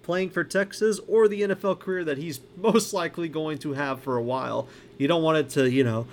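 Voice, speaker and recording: A man's voice: a little high, brisk, slight background noise. A man co-hosting a casual sports podcast who laughs easily and often trails off mid-sentence. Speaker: podcast co-host. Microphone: podcast microphone.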